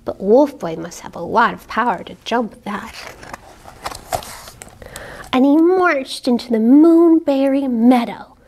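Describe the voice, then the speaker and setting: A woman librarian reads a picture book aloud to young children. Her voice is high and light and her pace is unhurried. She asks the kids questions and drops to whispers to build suspense. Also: expressive, darkish tone.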